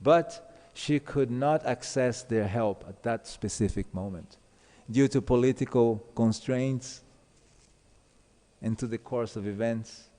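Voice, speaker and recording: A man's voice: medium pitch, slow pace, mellow, long reverb tail. A man giving a scripture class as a sermon, telling stories and acting out the dialogue. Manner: storytelling, acts out quoted dialogue.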